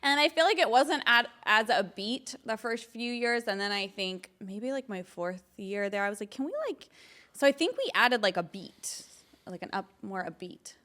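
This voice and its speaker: A woman in her thirties, a guest in a casual interview, telling animated stories with lots of laughter and acted-out quotes. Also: on the high side, moderate pace. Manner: giggly, animated, quotes others in voices.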